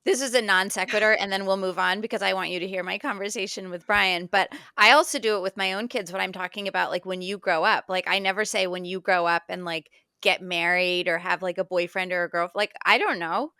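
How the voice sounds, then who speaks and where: A woman hosting a podcast, chatting casually with lots of quick asides. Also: medium pitch, steady tone, sharp tone, clear, resonant tone, no room sound, studio quality. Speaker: podcast host.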